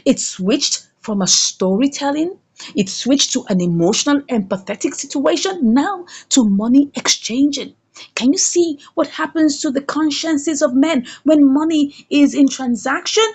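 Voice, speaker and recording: A woman's voice: high voice, a little slow, a little mellow. A woman reviewing a drama series, retelling the episode in a dramatic storytelling way and asking the listener rhetorical questions. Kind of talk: animated recap of a drama episode.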